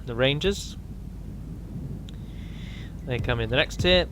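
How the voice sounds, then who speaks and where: A man's voice: medium pitch, lively intonation, slow pace, noisy background. A man giving a casual, rambling walkthrough of a strategy game mod, with frequent ums and restarts.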